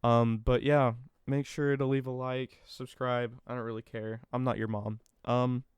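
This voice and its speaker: A man's voice: medium pitch, flat delivery, measured pace, clear, resonant tone, no echo. A young man vlogging a casual, profane story time, retelling a conversation line by line. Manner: rambling and profane, retelling with quoted back-and-forth.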